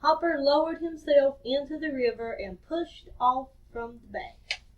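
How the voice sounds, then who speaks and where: A woman reads a children's story aloud in a cheerful, expressive way. Her voice sits high. The recording sounds dull and comes from some distance from the mic. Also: unhurried.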